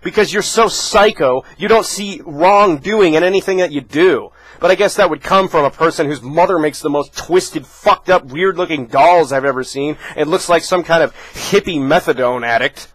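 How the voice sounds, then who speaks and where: A man's voice: on the high side, normal speed, hardly any pauses, fairly bright tone, slightly rough, dry recording, rough recording. A man vlogging an angry, profane rant aimed at another person. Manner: furious, profane, confrontational.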